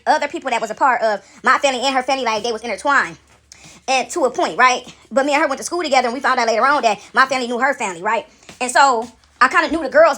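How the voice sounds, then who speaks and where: A woman casually telling a story to her viewers, acting out quotes with animated, laughing exclamations. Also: high-pitched.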